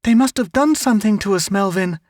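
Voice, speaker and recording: A man voicing an emotional young girl in a storybook reading, raising his voice high and breathless. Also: brisk, darkish tone, no room sound, clean studio sound, lightly acted. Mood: earnest.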